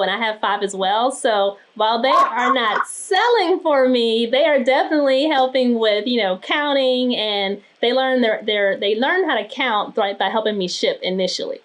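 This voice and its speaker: A woman in her thirties hosting an interview, eager and quick to react. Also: a little high, fairly bright tone. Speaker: host, interviewer. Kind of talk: casual interview chat.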